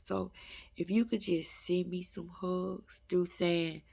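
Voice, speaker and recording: Woman, low, earnest spiritual vlogger, intimate and emotional, unhurried delivery. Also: flat delivery, vocal fry, a little mellow, husky. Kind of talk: heartfelt spiritual talk to viewers.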